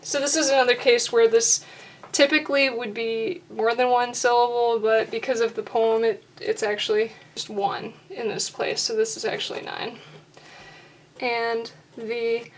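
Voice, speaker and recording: A woman's voice: fairly high pitch, level tone, a little hiss or hum. A young woman hosting her own channel, explaining poetry in a casual, thoughtful way, thinking aloud and correcting herself as she goes. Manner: thoughtful, self-correcting, talks through ideas slowly. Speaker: poetry teacher, channel host. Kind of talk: casual instructional talk on poetry.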